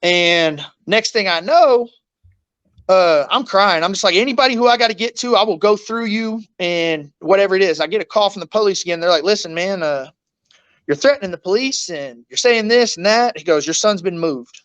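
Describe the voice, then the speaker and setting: A man's voice: high-pitched, moderate pace, fairly bright tone, clear, resonant tone, dry recording, dull audio. A man, an interview guest telling a painful story in raw, blunt words, swearing often and acting out what others said.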